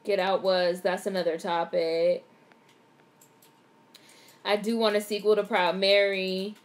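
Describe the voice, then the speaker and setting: In an unhurried, mid-range voice, a young woman narrates a movie during a casual live reaction vlog. She gets excited and doesn't hold back on swearing.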